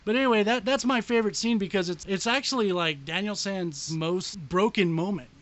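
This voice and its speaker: A man excitedly talking about his favorite movie scene, swearing and restarting often. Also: high-pitched, muffled recording. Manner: enthusiastic, profane, halting. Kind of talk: casual movie chat.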